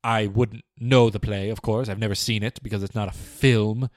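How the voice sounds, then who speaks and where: A man's voice: fairly low pitch, fairly even intonation, moderate pace, few pauses, dry recording, studio quality. A young man hosting a comedy podcast, delivering a pompous, rambling, mock-serious film review with stammering restarts. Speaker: podcast host. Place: small studio.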